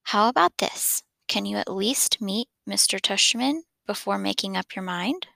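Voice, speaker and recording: A gentle, reasonable mom in a storybook reading, voiced by a woman. She speaks softly and coaxingly, her tone bright with a gravelly edge, in a dry close recording. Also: medium pitch, animated, a little slow, no room sound, heavily acted.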